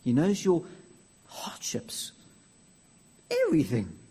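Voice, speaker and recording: A man preaching a sermon earnestly, dropping to soft near-whispers and rising to loud declaiming. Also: on the high side, very animated, takes it slowly, breathy edge.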